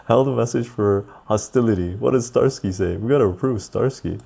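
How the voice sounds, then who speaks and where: A tired man hosts a loose, rambling livestream and reads chat messages aloud. His low voice is gravelly and husky. He laughs easily as he chats. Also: brisk, few pauses, mellow. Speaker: livestream host reading chat.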